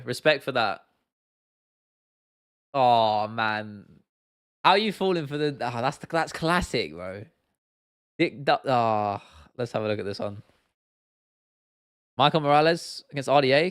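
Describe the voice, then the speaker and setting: A young man from the UK chats through a casual livestream Q&A in a blunt, slangy way, swearing freely and tripping into restarts. His voice is smooth and resonant, and the sound is close and dry, with no room around it. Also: mid-range voice, a bit bright, dry recording. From United Kingdom. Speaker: livestream host.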